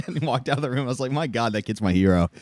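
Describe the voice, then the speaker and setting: A man co-hosting a podcast, telling stories in a dry, low-key way. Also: lively intonation, quick pace, darkish tone. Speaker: podcast co-host. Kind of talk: casual chat.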